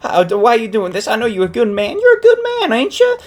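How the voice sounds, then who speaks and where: A man voicing a nosy, frantic old grandmother in a high, quavery voice. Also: expressive, normal speed. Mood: pleading.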